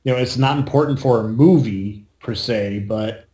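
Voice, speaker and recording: A man's voice: mid-range voice, normal speed, dark tone. A man co-hosting a podcast in casual chat, rambling and swearing freely. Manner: rambling, swears and laughs often. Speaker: podcast co-host. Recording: roomy echo.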